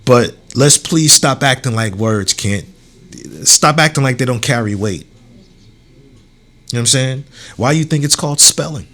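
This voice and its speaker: A young adult man hosts his own podcast in a loose, casual solo monologue, swearing freely and leaning on "you know what I'm saying." His medium-pitched voice moves at normal speed, starting heated before turning warm and encouraging.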